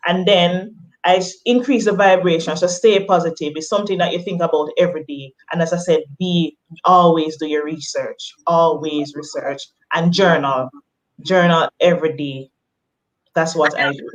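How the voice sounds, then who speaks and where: A woman guest on a live chat speaks in a lowish voice. She gives measured advice, step by step. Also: fairly even intonation, low-quality recording.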